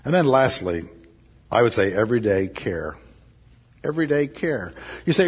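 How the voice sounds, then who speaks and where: A man's voice: medium pitch, sing-song, moderate pace, pauses often, husky. A man preaching a sermon, emphatic and repeating his key phrases. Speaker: pastor.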